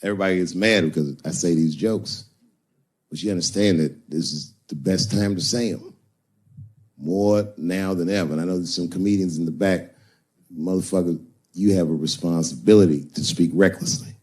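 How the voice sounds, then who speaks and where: A man's voice: low-pitched, moderate pace, a little mellow. A man doing a stand-up routine, blunt and confiding in his storytelling. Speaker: stand-up comedian.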